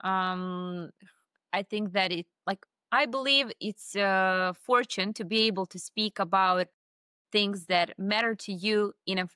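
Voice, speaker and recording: A woman's voice: fairly low pitch, sharp tone, clean tone, dry recording, clean studio sound. A woman hosting an interview, encouraging and chatty, with many fillers. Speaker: interview host. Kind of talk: casual interview talk.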